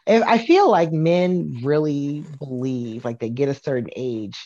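A woman co-hosting a podcast in casual chat, thoughtful and measured in how she weighs things. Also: low-pitched, expressive, dark tone, no room sound, muffled recording. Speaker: podcast co-host.

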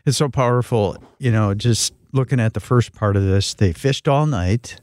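A man co-hosting a faith talk, reflecting slowly and emphatically on a scripture passage. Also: mid-range voice, darkish tone, no echo, clean studio sound.

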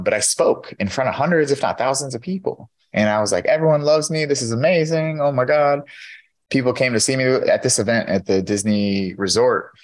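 A man, a podcast guest and keynote speaker, candidly telling his personal story in an interview, earnest and full of "you know". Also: on the low side.

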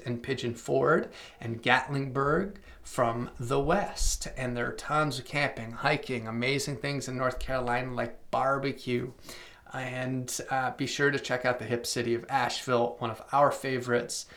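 Young man, podcast host, gravelly voice, casual chatty delivery, filler-heavy, mid pitch. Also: fairly bright tone. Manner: chatty, filler-heavy, with self-aware plugs and asides. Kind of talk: casual travel podcast talk.

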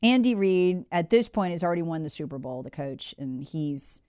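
Animated woman talk host. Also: low voice, moderate pace, clean tone, dry recording, clean studio sound. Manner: animated, conversational, emphatic. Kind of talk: opinionated monologue reading listener comments.

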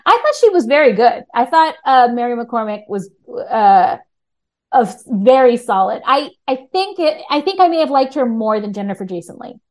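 A woman talking as a podcast guest in casual chat, animated, with frequent restarts. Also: fairly high pitch, moderate pace.

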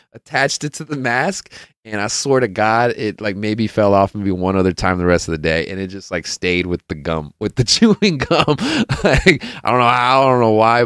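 A man's voice: low-pitched, clear, resonant tone, no echo, studio quality. A man hosting his own podcast, telling a casual, rambling, profane story that is full of laughs and acted-out quotes. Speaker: podcast host.

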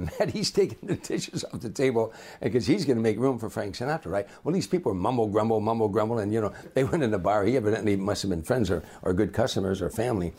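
An older man, a comedian, telling lively anecdotes in an interview and acting out the people in them. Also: lowish voice, husky. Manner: animated raconteur, acts out voices. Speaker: comedian guest.

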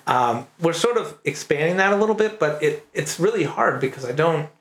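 A man from Maine, a cartoon creator, chatting loosely as a guest, rambling and laughing and dropping into quick character voices. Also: a little high, expressive, a bit bright. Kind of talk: casual podcast conversation. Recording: echoey room with faint noise.

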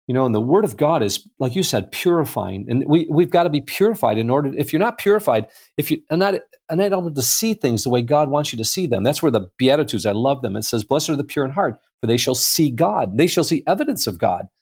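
A man's voice: mid-range voice, animated, fast, hardly any pauses, darkish tone, husky. A man speaking as a guest in a casual faith-based conversation, rambling with many fillers and restarts as he tells stories. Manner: acts out voices in anecdotes.

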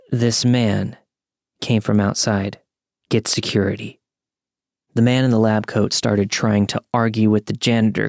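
A young man calmly narrating a true scary story from a script. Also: fairly low pitch, gravelly, dry recording, clean studio sound. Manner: calm, measured storytelling.

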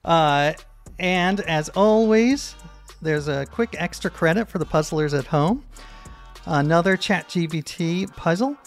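Playful high gravelly male quiz host. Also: a little slow, faint music behind. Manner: teasing, jokey, reads clues aloud. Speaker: puzzle podcast host.

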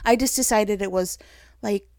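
A medium-pitched woman hosts an easygoing faith-based talk at a moderate pace, recorded with studio quality and no echo. She brings her stories to life by acting out her thoughts in voices, teasing herself and chatting freely.

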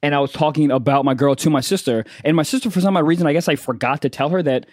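A man's voice: fairly high pitch, fast talker, a little mellow, dry recording, clean studio sound. A young man in casual chat as a podcast co-host, crude and laid-back, saying "dude" a lot. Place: Los Angeles.

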